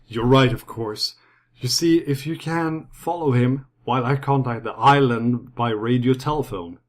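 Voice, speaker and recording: A man's voice: medium pitch, measured pace, lightly acted. A man voicing a nervous female shop clerk who stammers in a raised voice. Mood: scheming.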